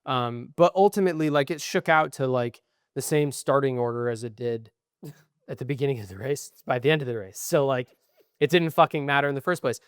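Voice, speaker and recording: A young man ranting in casual podcast chat, profane and frustrated, with a middle-pitched voice. The recording is dry and close, with no room echo. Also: smooth. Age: young adult. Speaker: podcast co-host.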